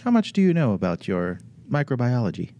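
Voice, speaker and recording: A man voicing a curious, dreamy alien Jedi in a tabletop game, speaking softly and slowly as if entranced. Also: medium pitch, sing-song, creaky, lo-fi sound. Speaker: player voicing character Oko.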